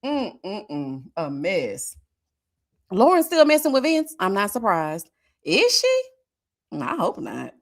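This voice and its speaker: Talking directly to viewers on a casual live stream, a woman reads out comments, breaks into laughter, and lets out long murmurs of agreement. Her voice is medium in pitch with big pitch swings, and her manner is chatty.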